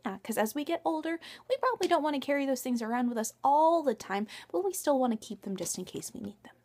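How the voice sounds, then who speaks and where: A woman telling a children's story at storytime in an animated way, often asking the young listeners questions. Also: high voice, quick pace.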